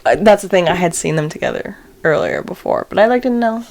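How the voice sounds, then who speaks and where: A woman's voice: lowish voice, animated, brisk, a little mellow. A young woman co-hosting a podcast, chatting casually and telling her own story with animation and a self-mocking edge. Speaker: podcast co-host. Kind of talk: casual chat.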